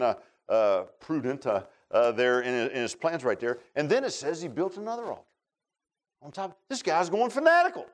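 A man preaching a sermon. He talks in an animated way and keeps asking the congregation short questions. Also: a little high. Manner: animated preaching with call-and-response asides. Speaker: pastor. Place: church sanctuary.

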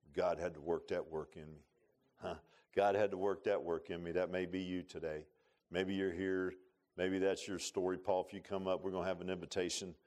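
Earnest preacher man. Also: deep voice. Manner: earnest, emotional preaching with rising bursts and soft confessional drops. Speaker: pastor. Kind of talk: sermon. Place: church sanctuary.

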